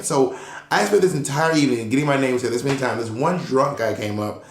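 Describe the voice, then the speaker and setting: Animated male podcast storyteller, echoey room. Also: mid-range voice, fast. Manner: animated storyteller, acts out quotes. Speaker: podcast co-host. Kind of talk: casual chat. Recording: roomy echo.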